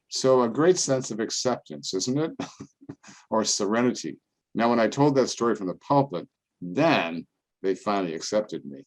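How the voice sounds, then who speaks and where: An older man, a priest, giving a relaxed, conversational talk full of homely anecdotes and playful voices for the people in them. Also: lowish voice, normal speed. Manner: folksy storytelling, acts out other people's voices. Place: parish event, indoors.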